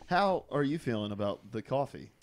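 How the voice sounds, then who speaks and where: A man's voice: mid-range voice, expressive, moderate pace. A young man hosting a casual gaming podcast, joking and teasing his co-hosts as he tells stories. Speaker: podcast host.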